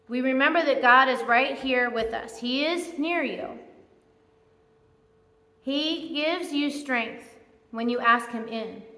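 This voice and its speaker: Bright-voiced woman preaching in an echoey hall. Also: high-pitched. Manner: earnest, conversational preaching with heartfelt spoken prayers. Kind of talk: sermon. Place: church sanctuary.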